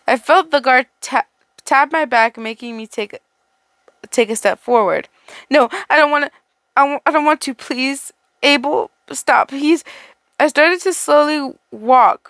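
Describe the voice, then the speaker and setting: A woman's voice: on the high side, fairly bright tone. A woman reading a fan fiction story aloud, stumbling and restarting words as she goes and breaking off into chatty asides. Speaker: story reader.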